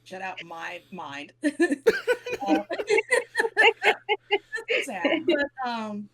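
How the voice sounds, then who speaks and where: A woman's voice: high-pitched, huge pitch swings, drawn-out words, a bit bright. Woman player, giggly, voice jumps all over. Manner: giggly, playful. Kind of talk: tabletop game play.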